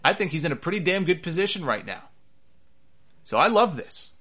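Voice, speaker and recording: A man giving opinionated solo commentary on wrestling, animated and sarcastic, repeating himself for emphasis. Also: brisk. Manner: animated, rises in pitch when worked up.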